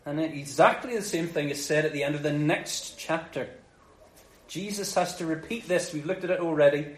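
A man preaching a sermon, telling the story with lively, jokey delivery and acting out the characters in playful voices. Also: fairly high pitch, fairly quick, reverberant, low-quality recording.

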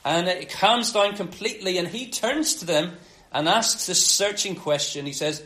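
High-voiced preacher, animated. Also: male voice, moderate pace. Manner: animated storytelling with acted-out quotes. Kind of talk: sermon. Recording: roomy echo.

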